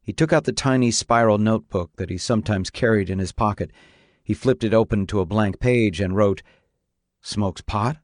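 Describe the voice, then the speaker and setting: A man narrating a novel on radio in a measured, even storytelling manner. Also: fairly low pitch, no echo, clean studio sound. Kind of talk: audiobook reading on radio.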